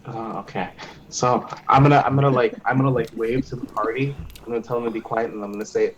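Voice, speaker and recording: A man's voice: medium pitch, steady tone, fast, highs cut off, slight background noise. A man playing a tabletop game, talking in a hesitant way full of fillers. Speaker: player. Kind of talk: casual tabletop play.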